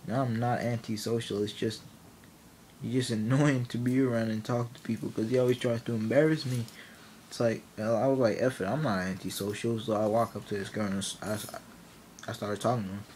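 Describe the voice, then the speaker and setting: A man's voice: mid-range voice, steady tone, fairly quick, a little mellow, a little hiss or hum. A man telling a comic story, rambling and laughing, often cutting himself off mid-sentence. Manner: rambling, laughing, self-interrupting. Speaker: vlogger. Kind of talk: comedic storytelling.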